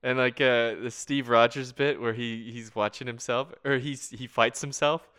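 Bright-voiced excitable man chatting about movies. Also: mid-range voice, normal speed, clean tone. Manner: excitable, laughs often, quotes movie lines. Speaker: movie fan discussing a film. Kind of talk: casual chat.

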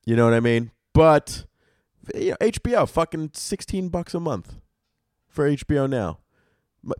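A man's voice: mid-range voice, a little mellow, no echo, clean studio sound. A young man hosting a podcast alone, delivering a profane, exasperated comedic rant. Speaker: podcast host.

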